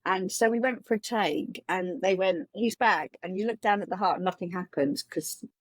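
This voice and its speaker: A woman's voice: on the low side, normal speed, dry recording. Earnest woman telling a long story. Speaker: makeup designer, guest. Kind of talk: conversational interview answers.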